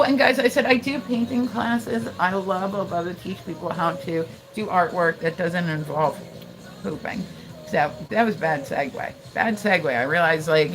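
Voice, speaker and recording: A woman's voice: fairly low pitch, noisy background. A woman live streaming in casual chat, rambling with lots of fillers, laughter and swearing.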